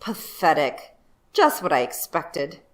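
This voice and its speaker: A woman's voice: deep voice, very animated, slow pace, exaggerated voice. A woman voicing a bossy, scornful eldest brother who talks in a curt, dismissive way.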